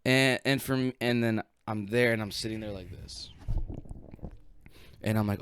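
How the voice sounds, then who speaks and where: A young man co-hosting a podcast, telling a story in casual chat, animated and swearing a lot as he acts out what people said. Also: fairly low pitch, unhurried, long pauses, slight background noise. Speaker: podcast co-host.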